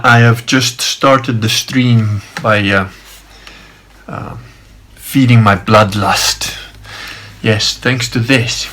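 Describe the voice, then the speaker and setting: A man's voice: mid-range voice, pushed and bright. A man streaming a loose, rambling personal story, full of fillers and side remarks. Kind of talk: rambling casual monologue.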